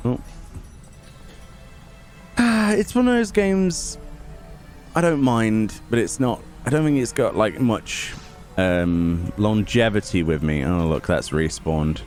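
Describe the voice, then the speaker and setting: A man chats through a game in a relaxed, sarcastic way, muttering complaints at characters on screen. His voice sits fairly low yet swings widely in pitch. Game music plays clearly underneath him. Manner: sarcastic, grumbling asides. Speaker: gaming YouTuber. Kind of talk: casual let's play commentary.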